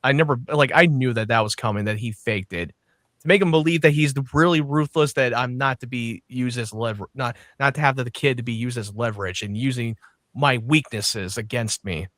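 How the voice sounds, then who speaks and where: A man co-hosting a podcast, blunt and given to swearing as he picks apart what he disliked. His voice is mid-pitched and the sound is dry, with no room echo. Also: a little fast, a bit bright. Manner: blunt, swears while critiquing. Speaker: podcast co-host. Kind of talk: casual chat.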